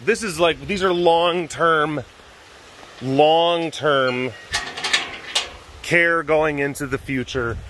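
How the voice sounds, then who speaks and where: A man talks in a slow, unhurried way as he vlogs outdoors at an animal facility. His talk rambles, full of fillers and goofy asides, and faint outdoor noise sits under it on the camera mic. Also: on the high side, a bit bright, low-quality recording. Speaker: big cat keeper and vlogger. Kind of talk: casual vlog talk.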